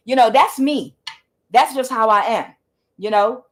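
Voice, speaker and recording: A woman's voice: a little high, measured pace, pauses often. A woman tarot reader in a casual monologue who tells her story bluntly, swears freely and repeats words for emphasis.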